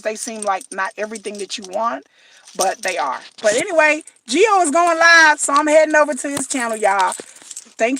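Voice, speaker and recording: A middle-aged woman chatting casually on a livestream, telling lively stories, acting out what people said and swearing freely. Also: high voice, recorded from a distance, poor audio. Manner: animated storytelling, acts out quotes, swears freely. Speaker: livestream host. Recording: voice slightly off-mic, faint noise.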